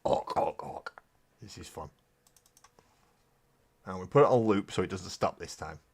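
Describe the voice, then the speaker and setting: A man's voice: sits low, moderate pace, husky. A man hosting a casual live stream while painting miniatures, rambling and joking, with casual swearing. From Britain. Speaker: streaming hobby host.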